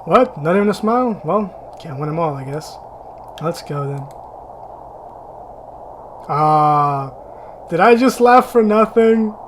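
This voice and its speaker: A man's voice: on the high side, lively intonation, slow, long pauses, slight background noise. A man playing through a game and commenting on it, giggling and mocking himself. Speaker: gaming channel host. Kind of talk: let's play commentary.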